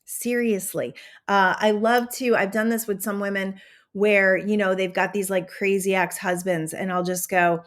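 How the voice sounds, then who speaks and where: A woman hosting a podcast, giving a casual motivational talk with animated enthusiasm and a slight Southern American twang. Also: medium pitch, normal speed. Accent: drifting into a Southern American twang. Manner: animated, enthusiastic, conversational with many fillers. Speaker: podcast host and manifestation coach.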